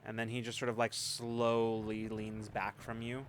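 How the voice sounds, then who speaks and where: Low-voiced male game master, relaxed and hesitant narration. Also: a little slow, a little hiss or hum. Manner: relaxed, hesitant, many fillers.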